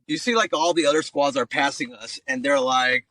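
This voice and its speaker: A man's voice: mid-range voice, fairly quick, few pauses, dry recording, low-quality recording. A man in his thirties, an active-duty Marine guest, telling stories in a loose, profane way on a podcast and calling everyone "bro.". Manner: slangy, profane, says "bro" often; animated storyteller acting out voices. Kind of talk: casual podcast storytelling.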